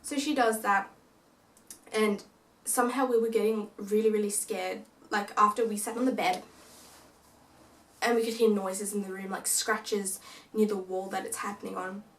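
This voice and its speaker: Telling a ghost story in a casual way, a young woman vlogger animatedly acts out what her family said during the paranormal experience. She speaks at a moderate pace with a medium pitch and pauses often. Her voice sounds far from the mic in an echoey room.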